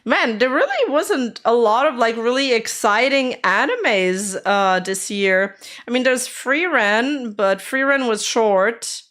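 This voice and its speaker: Slow-talking woman with a sore voice. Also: fairly high pitch, lively intonation, fairly bright tone. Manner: laid-back, swears casually. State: sore voice after illness. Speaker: streamer reacting to videos. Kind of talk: casual stream chat.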